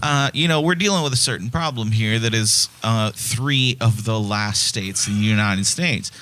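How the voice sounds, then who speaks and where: A man's voice: on the low side, normal speed, pushed and bright. A man with a Kansas accent, chatting as a guest on a podcast, rambling with lots of fillers and casual swearing. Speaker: band member guest.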